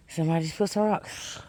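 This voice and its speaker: A man's voice: high-pitched, mellow, a little hiss or hum. A man vlogging on a hiking trail, chatty and exclamatory, calling his viewers honey and y'all. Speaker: thru-hiker vlogger. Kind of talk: casual vlog while hiking. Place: outdoors on a forest trail.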